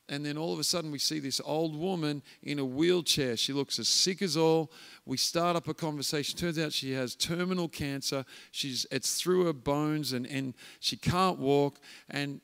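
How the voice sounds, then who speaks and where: A man's voice: a little high, vocal fry, a bit bright, clear, resonant tone. A man preaching a guest sermon, telling a story and acting out the voices of its characters. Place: church hall. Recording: church hall reverb.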